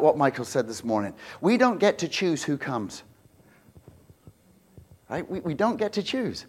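A pastor delivering a sermon in a church, in an animated, unscripted way. He gets loud and climbs high to stress a point, then drops to a low, quiet storytelling tone. He often repeats and restarts his words. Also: a little slow, long pauses, slightly rough. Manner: animated, loud and rising on emphasis, with many restarts.

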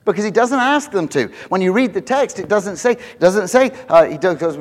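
Joking pastor in a reverberant church. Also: male voice, high voice, expressive, fairly quick. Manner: conversational and joking, self-mocking. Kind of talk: sermon.

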